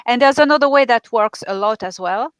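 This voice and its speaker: A woman's voice: a little high, fairly quick, fairly bright tone, clean tone, dry recording, poor audio. A woman hosting a conversational interview, giving firm, emphatic advice. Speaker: host.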